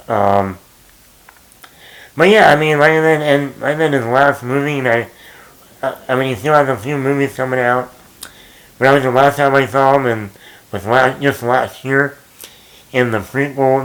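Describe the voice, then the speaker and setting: A man hosts his own movie talk in a loose, casual way. He rambles, fills pauses and restarts his sentences, at an ordinary mid pitch. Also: fairly bright tone, low-quality recording. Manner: rambling, many fillers and restarts. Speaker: movie commentary host.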